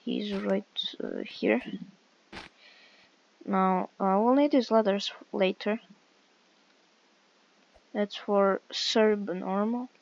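A woman's voice: medium pitch, drawn-out words, pauses often, muffled recording. A woman giving casual, hesitant gameplay commentary with many fillers while walking through a game. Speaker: game walkthrough creator.

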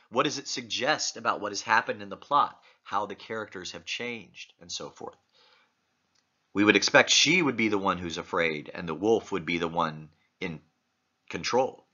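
A male literature lecturer works through a text, stopping often to pose questions to his listeners. His voice is fairly low and very bright, almost sharp. The recording sounds muffled and lo-fi. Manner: asks many questions, reads passages aloud. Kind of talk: close-reading lecture.

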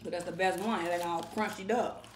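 A woman's voice: lowish voice, steady tone, normal speed. A woman hosting a mukbang video, chatting casually while eating, bossy and teasing, scolding bluntly with some cursing. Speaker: mukbang channel host. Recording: roomy echo, noticeable background noise.

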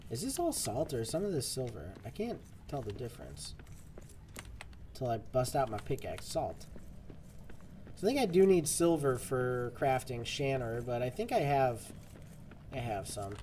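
A man's voice: medium pitch, big pitch swings, normal speed, mellow, slight background noise. A man streaming a game, chatting casually and rambling to his viewers as he plays. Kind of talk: casual gameplay commentary.

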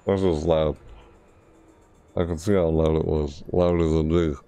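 A man's voice: extremely low pitch, fairly even intonation, measured pace, mellow, smooth, faint music behind. A tired man streaming a video game, mumbling and rambling to himself in casual commentary. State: tired, yawning.

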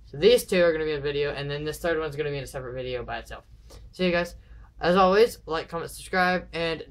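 A vlogger chatting casually to camera at home, rambling and counting down nervously before each dare. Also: medium pitch. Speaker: vlogger doing viewer dares. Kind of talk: casual vlog chat to camera. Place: indoors at home.

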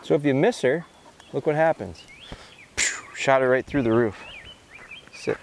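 A man explaining his dog training step by step, giving short sit and come commands between calm remarks, recorded outdoors in the countryside. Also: mid-range voice, a little slow, gravelly, slight background noise. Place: outdoors in a rural field.

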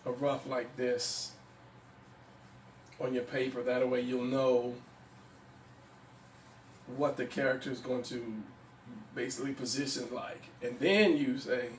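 A man giving a relaxed drawing tutorial, thinking aloud as he sketches and often pausing with fillers. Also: mid-range voice. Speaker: drawing instructor. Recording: echoey room, mic at a distance, faint background noise.

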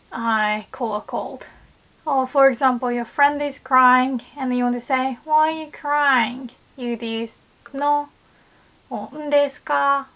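A woman teaching Japanese grammar in a video lesson, explaining patiently in English and slowly repeating Japanese example phrases. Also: on the high side, a bit bright.

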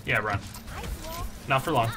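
A young man commentating his own competitive match, swinging between low muttering and frustrated yelling, his voice strained from shouting. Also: measured pace, background noise. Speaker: gaming YouTuber. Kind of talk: live gameplay commentary.

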